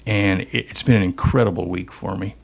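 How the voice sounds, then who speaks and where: A middle-aged man with a fairly low voice is the guest here, telling a story in a lively, animated way. He slips into the other people's lines as he tells it. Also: brisk, creaky. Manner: animated storyteller acting out dialogue. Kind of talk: storytelling interview.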